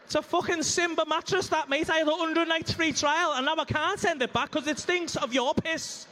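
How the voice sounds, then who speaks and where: Man, very high voice, crude ranting stand-up, comedy club stage. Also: steady tone, normal speed, pushed and bright, slight background noise.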